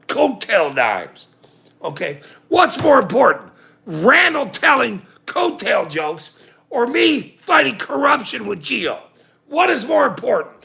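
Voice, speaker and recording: A middle-aged livestream host rants to his chat, swearing and mocking in a sarcastic way. His high, heavily gravelly voice moves slowly and deliberately, swinging widely in pitch, with a sharp, bright tone.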